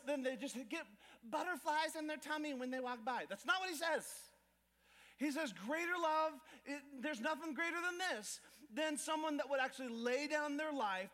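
Speaking from the pulpit of a church auditorium, a male pastor with a strikingly high voice delivers his sermon as lively storytelling. He acts out small scenes and throws jokes and asides at the crowd, all carried on the long echo of the big hall.

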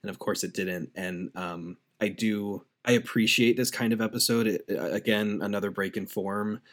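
A man co-hosting a podcast, talking through a TV episode in a relaxed, thoughtful way that trails off softly. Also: lowish voice, moderate pace. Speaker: podcast co-host. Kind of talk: casual podcast chat.

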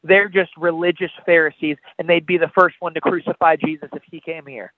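A man's voice: fairly high pitch, steady tone, fairly quick, no room sound. A man, an evangelist, preaching with impassioned, pleading, repetitive calls on a podcast. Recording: tinny phone-line sound, dry.

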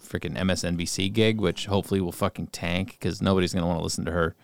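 A man's voice: deep voice, flat delivery, quick pace. A man co-hosting a talk show, crude and swearing casually.

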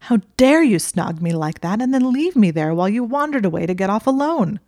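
A woman reading the part of an indignant, sharp-tongued young woman librarian, emphatic and exasperated. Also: mid-range voice, very animated, fairly quick, dry recording, clean studio sound, voice pushed up. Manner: exasperated, emphatic, rising to near shouts.

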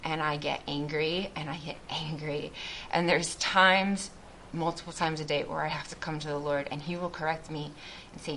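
A woman's voice: low voice, steady tone, moderate pace, sharp tone, slight background noise. A woman speaking to a group as a missionary, giving an earnest, reflective faith testimony with many restarts.

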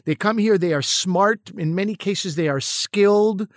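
A middle-aged man with a fairly high voice talks earnestly and with animation, circling back over his words as he thinks. The sound is dry and close, with no room behind him. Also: unhurried, no room sound. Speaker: podcast co-host and actor-comedian. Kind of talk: casual discussion.

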